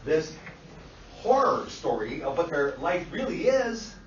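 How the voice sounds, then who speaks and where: A man lectures a class in a blunt, lively way, swearing freely and slipping into the voices of clients. His voice sits a little high for a man. The recording picks him up from a distance in an echoey classroom, with a dull, lo-fi sound and a faint hiss. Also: slow. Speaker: instructor.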